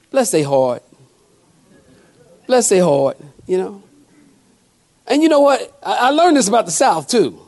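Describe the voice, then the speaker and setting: Man, pastor, sermon, high-pitched, folksy asides, animated delivery. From not from the American South.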